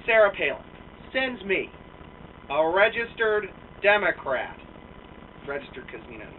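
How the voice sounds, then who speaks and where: A man's voice: high voice, unhurried, slight background noise. A man rants on a vlog with a profane, exasperated energy, his voice leaping up and down. He sits somewhat back from the mic, and the sound is thin and phone-like. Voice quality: profane, animated, exasperated ranting. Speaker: vlogger. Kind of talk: ranting political vlog. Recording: phone-like muffled sound from a distance.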